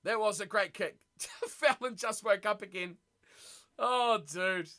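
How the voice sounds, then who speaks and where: Man, high voice, bright and sharp tone, excitable live match reaction, chatty streamer. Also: slow pace. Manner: excitable, chatty, reads viewer messages aloud. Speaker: streamer hosting a watch party.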